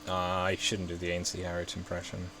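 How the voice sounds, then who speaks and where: With a West Midlands English accent, this gaming host talks fairly quickly and in a monotone while he builds, his low voice easygoing. He rambles, self-corrects and pokes fun at his own errors in casual gameplay chat, over faint background hiss and keyboard clicks.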